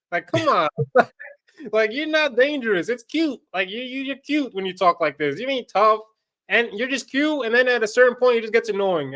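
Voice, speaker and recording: A man's voice: sits high, fairly bright tone. A man co-hosting a podcast in casual, blunt and crude talk, often laughing while he speaks. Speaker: podcast co-host.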